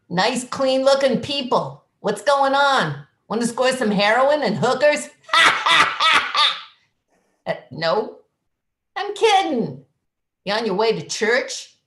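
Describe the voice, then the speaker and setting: A woman's voice: fairly high pitch, echoey room. A woman voicing a pushy, sardonic woman on a stoop, read as improvised comedy over a video call. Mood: heckling. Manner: pushy, sardonic street heckling.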